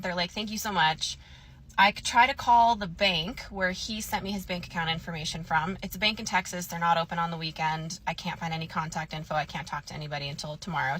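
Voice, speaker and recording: A young woman casually telling a story to camera, chatty and animated, saying "like" often. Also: lowish voice. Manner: chatty, animated, says "like" a lot.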